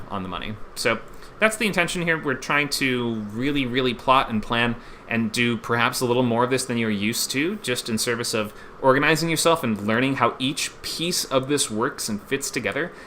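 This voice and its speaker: A man's voice: medium pitch, sharp tone, a little hiss or hum. A man hosting a live-streamed online screenwriting class, upbeat and chatty and laughing often.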